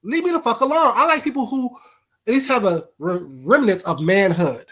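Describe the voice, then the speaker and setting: A man's voice: very high voice, animated, moderate pace, a bit bright. A man ranting on a casual livestream, blunt and heavy on the profanity. He tears into trolls, then breaks off to greet chat viewers by name before going back at it. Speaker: livestream host.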